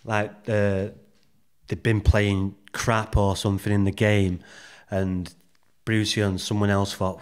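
A man's voice: on the low side, level tone, slow pace, clean tone. A man guest on a podcast, telling rambling anecdotes bluntly and swearing freely. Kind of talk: casual storytelling interview.

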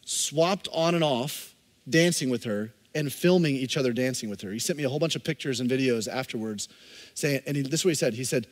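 A man in his thirties preaching a sermon as pastor, swinging from loud, emphatic lines to soft, close asides. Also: medium pitch, brisk, big-room sound. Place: church sanctuary.

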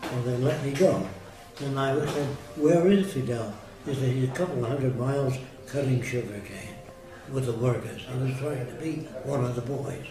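A man's voice: mid-range voice, normal speed. A man telling a story in a casual, blunt, plain-spoken way, answering an interviewer. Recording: roomy, distant mic with music underneath.

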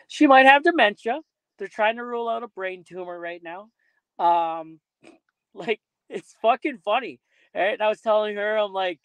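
A man's voice: high voice, moderate pace, a bit bright, dry recording, rough recording. A man hosting a casual podcast, telling blunt, profane stories and laughing at them. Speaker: podcast host.

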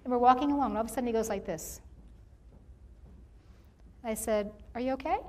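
Lively woman giving a motivational campus talk. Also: fairly high pitch, a little fast. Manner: lively storyteller, acts out quoted voices. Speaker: guest speaker.

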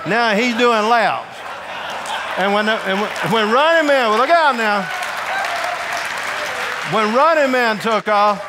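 A man from Georgia, preaching a humorous storytelling sermon to a prison audience in a folksy, animated way. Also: sits high, slow, long pauses, a crowd in the background, background noise. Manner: folksy, animated, acts out voices in his stories.

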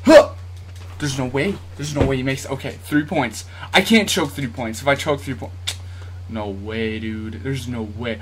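A man's voice: mid-range voice, unhurried, noisy background. A man giving casual commentary on a basketball video game as he plays, talking straight to his viewers, jumping between yelps and nervous muttering. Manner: talks straight to viewers, asks for likes. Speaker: YouTube gamer.

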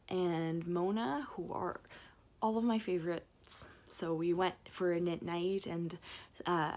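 A woman's voice: fairly low pitch, a little mellow. A woman knitting vlogger in a casual, rambling recap full of fillers and restarts.

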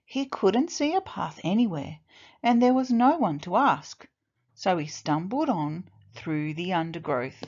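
A woman teacher reading a children's storybook aloud in an expressive, deliberate way. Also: on the low side, lo-fi sound.

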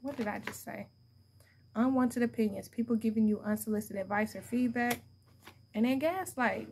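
A woman's voice: fairly high pitch, normal speed, a little mellow, a little hiss or hum. A young adult woman giving a casual tarot reading to her viewers, blunt and profane, laughing often as she talks. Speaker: tarot card reader.

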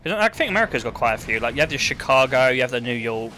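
A man's voice: medium pitch, big pitch swings, rapid-fire, pushed and bright, a little hiss or hum. A young man from England with a London-area accent, chatting casually and rambling with lots of fillers while streaming a game at home. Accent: London-area English. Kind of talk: casual chat while gaming.

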